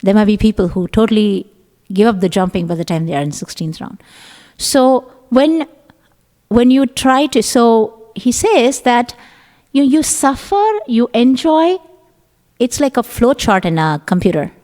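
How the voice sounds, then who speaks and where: A woman with a fairly high voice gives a relaxed scripture class, talking through her own experiences. She sounds like she is in a temple hall, and her voice rings with a long echo. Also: a little slow. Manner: conversational, acts out her own thoughts in quotes. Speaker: speaker giving a class.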